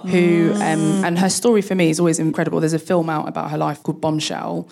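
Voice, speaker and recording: A woman, a guest on a live panel, telling stories briskly and with animation. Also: sits low, level tone, vocal fry, darkish tone. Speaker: guest, runs girls' coding events. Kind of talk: live podcast panel chat. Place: live stage before an audience.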